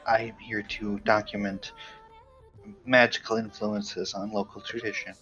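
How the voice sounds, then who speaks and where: A man's voice: fairly low pitch, level tone, a little slow, pushed and bright, lo-fi sound, soft background music. A man voicing an earnest, blunt and formal scholarly researcher.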